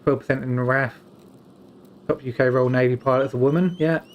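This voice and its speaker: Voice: medium pitch, steady tone, a little fast, a little hiss or hum. Wry British streamer with casual asides. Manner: casual, wry asides, stumbles over names. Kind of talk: playing a story game and reading its dialogue aloud, with chatty asides.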